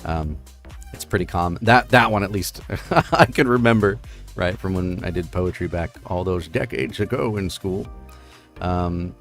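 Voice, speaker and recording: Middle-aged man, very low voice, chatty livestream host, hesitant with fillers, faint music behind. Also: measured pace, gravelly. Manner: chatty, hesitant, many fillers and checks with listeners. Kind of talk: casual livestream explanation.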